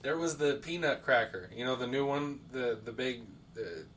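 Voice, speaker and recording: With an animated, medium-pitched voice that's a bit bright, a man co-hosts a podcast at a moderate pace. He chats casually, rambling through stories full of swearing and filler words. A faint hiss sits in the background, and the mic is far off.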